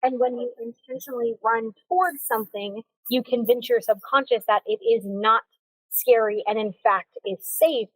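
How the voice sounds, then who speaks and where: A woman's voice: on the high side, normal speed, dry recording, rough recording. Upbeat chatty woman podcast host. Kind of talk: casual solo podcast talk. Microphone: close mic, recorded on video.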